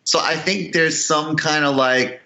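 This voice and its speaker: A man's voice: fairly high pitch, a little slow, vocal fry, bright, forceful tone. A man in casual political chat, rambling and profane with lots of fillers. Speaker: political commentator. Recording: dull lo-fi audio.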